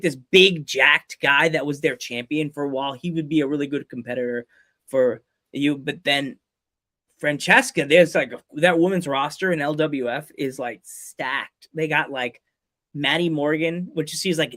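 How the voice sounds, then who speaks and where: A man's voice: a little high, bright, forceful tone. A man hosting a podcast in casual chat, rambling and joking, laughing often and slipping into playful quoted voices. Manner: rambling, fast restarts. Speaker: podcast host.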